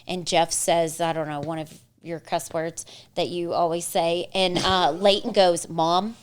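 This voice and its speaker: A young adult woman with a somewhat low voice chats casually as co-host. She tells stories in a lively way, acting out the dialogue and breaking into laughs. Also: unhurried. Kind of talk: casual chat.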